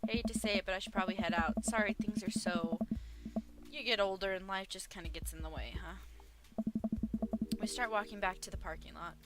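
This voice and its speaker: A woman hosting a let's play, reading out all of the game's dialogue and narration in her own voice, jokey and quick to laugh. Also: mid-range voice, a loud crowd. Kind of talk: reading game dialogue aloud. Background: game music.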